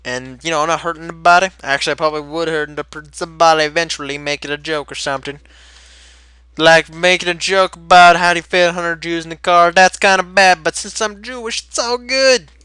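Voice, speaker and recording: Teen male Let's Play host, upbeat and rambling, a touch high-voiced, sharp bright tone, dry close sound. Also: brisk, clean tone, no echo. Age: late teens. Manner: energetic, rambling and chatty. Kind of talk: casual gameplay commentary.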